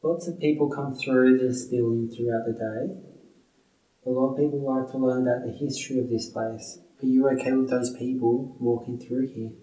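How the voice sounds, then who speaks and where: A man on a ghost hunt, courteously and calmly questioning spirits in an old jail. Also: mid-range voice, distant mic. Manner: calm, courteous, measured. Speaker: paranormal investigator. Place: old stone jail building. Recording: echoey room, off-mic.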